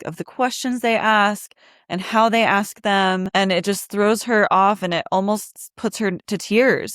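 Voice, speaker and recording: A woman's voice: mid-range voice, fairly bright tone, no room sound, clean studio sound. A woman co-hosting a casual podcast chat, telling stories heatedly and cursing when she gets angry. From Pennsylvania. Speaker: podcast co-host.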